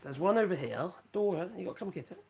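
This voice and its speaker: A man's voice: high voice, animated, quick pace, vocal fry, muffled recording, slight background noise. A middle-aged man from Norfolk with a Norfolk accent, rambling through casual live-stream chat at home and reading chat messages aloud. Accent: Norfolk English. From England (Norfolk). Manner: rambling, chatty, self-mocking, reads chat aloud. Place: rural home in France.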